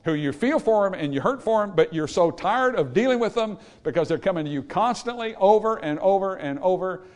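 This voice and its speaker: Emphatic preaching man, higher voice. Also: animated, brisk, a little mellow. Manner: preaching with rising emphatic calls to the congregation. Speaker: pastor. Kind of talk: sermon.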